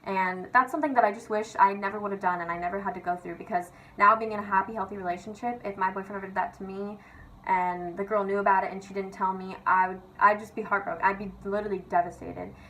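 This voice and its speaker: A woman's voice: mid-range voice, steady tone, fast talker, a bit bright, a little hiss or hum, poor audio. A young woman vlogger rants casually and confessionally, chatty and sweary, leaning on "like" and "literally". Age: young adult.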